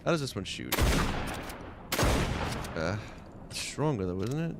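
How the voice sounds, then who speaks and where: A man's voice: lowish voice, very animated, a little slow, gravelly, very noisy. A man with a Long Island accent giving casual commentary as he plays a game, chatty and muttering to himself while he loots. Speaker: game streamer.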